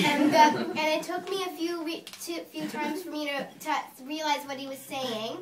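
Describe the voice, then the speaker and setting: A woman telling a halting, giggly anecdote at a memorial and often stopping herself mid-sentence. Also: high-pitched, steady tone, noisy background. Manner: halting, giggly, self-interrupting. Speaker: speaker at a memorial. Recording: roomy and distant.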